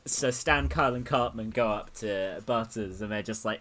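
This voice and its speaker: A man's voice: medium pitch, moderate pace, hardly any pauses. A man in a casual podcast chat, retelling a cartoon episode and laughing often. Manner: animated storyteller, laughs a lot. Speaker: podcast host.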